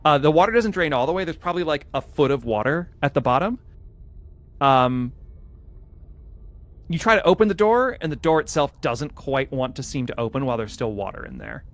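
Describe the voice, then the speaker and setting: A man's voice: fairly high pitch, lively intonation, a little fast. A man narrating as game master, explaining the scene carefully with frequent hesitations and restarts.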